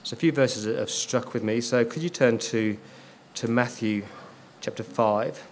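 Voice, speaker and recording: A man's voice: mid-range voice, moderate pace, a little hiss or hum. A man preaching a sermon as a pastor, stressing key words and repeating them for emphasis.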